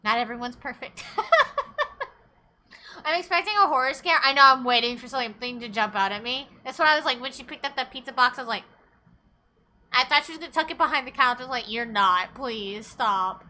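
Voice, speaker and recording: A woman streams a story game and chats casually with her viewers, swearing, laughing and gasping often. Her voice is high and fast, pushed and bright.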